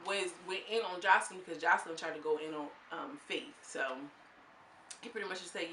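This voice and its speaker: Woman vlogger recapping reality TV gossip, animated and laughing, bright voice, echoey room. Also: fairly low pitch, fairly quick, slight background noise. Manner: chatty, laughing, animated storytelling. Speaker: show reviewer.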